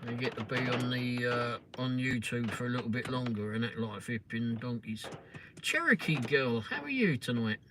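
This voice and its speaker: His voice is medium-pitched and animated, at a moderate pace. The middle-aged English livestream host answers live comments with casual sarcasm, swearing and needling trolls, all over noisy stream audio.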